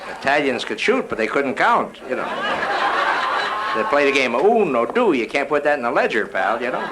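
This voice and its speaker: A man doing live stand-up comedy, rattling off rapid-fire one-liners with punchy delivery. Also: medium pitch, a bit bright, rough recording. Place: live nightclub show. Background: music.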